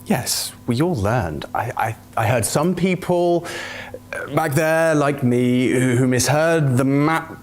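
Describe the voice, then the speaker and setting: A man's voice: mid-range voice, slow, a little hiss or hum. A male host of an esports show, flustered and hesitant during a comedy bit. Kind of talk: comedy sketch hosting.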